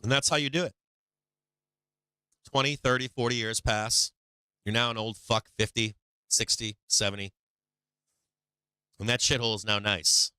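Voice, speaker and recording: A man's voice: medium pitch, steady tone, normal speed, long pauses, sharp tone, clear, resonant tone, no echo. A man hosting a stock market live stream, ranting bluntly and profanely in a casual, preachy way with frequent laughs.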